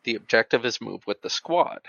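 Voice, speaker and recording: A man on a casual podcast who makes measured points while arguing over rules. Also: medium pitch, lively intonation, creaky, a bit bright, no echo, muffled recording.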